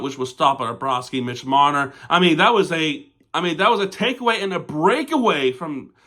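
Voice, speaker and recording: Speaking in a mid-range voice that sounds pushed and bright, this fan vlogger goes over a hockey game as one of the team's own, using "we" and "our." His casual play-by-play keeps turning into furious, cursing tirades against the refs.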